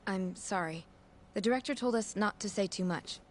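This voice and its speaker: A woman's voice: mid-range voice, moderate pace, slight background noise, close to an everyday voice. A woman voicing a hesitant young nurse. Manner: hesitant and cautious. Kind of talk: game voice acting.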